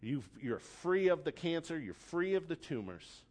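Male preacher, sermon, fairly high voice, very animated pitch, dramatic storytelling, hushed to loud. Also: moderate pace. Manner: repeats words, builds from hushed to loud.

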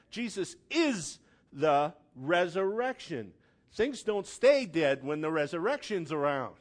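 A man preaching with a high, animated voice that swings across a wide range. He moves from quiet scripture reading into loud, fervent shouted declarations. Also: slow pace. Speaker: pastor. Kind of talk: sermon.

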